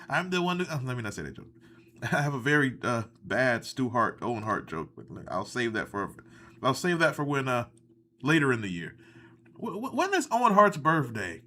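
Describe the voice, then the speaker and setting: A man's voice: medium pitch, very animated, moderate pace, bright, forceful tone, a little hiss or hum. Sarcastic ranting man on a live stream. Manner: ranting, sarcastic, swears often, rambling asides. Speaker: livestream host reacting to wrestling. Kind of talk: casual live reaction commentary.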